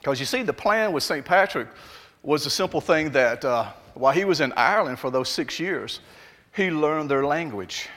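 A man's voice: on the high side, expressive, normal speed, fairly bright tone, in a large hall. A man with a Southern Alabama accent preaching a sermon, talking to his congregation in a folksy, conversational way. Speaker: pastor.

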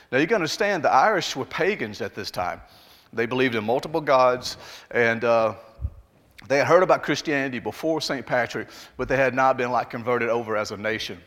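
A man's voice: medium pitch, fairly bright tone, in a large hall. A man with a Southern Alabama accent preaching a sermon, talking to his congregation in a folksy, conversational way. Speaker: pastor.

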